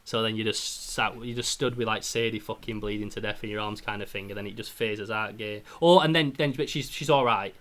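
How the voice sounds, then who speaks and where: A man's voice: on the low side, fairly quick, hardly any pauses, a bit bright. A young man, retelling a game plot in casual podcast chat, swearing often and mimicking gunfire. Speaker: podcast host.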